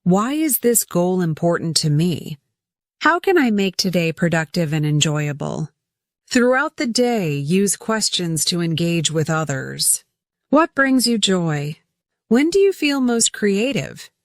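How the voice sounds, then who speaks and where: A woman narrating a scripted English lesson, speaking deliberately and repeating words for pronunciation drills. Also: fairly low pitch, no echo, clean studio sound. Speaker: English teacher.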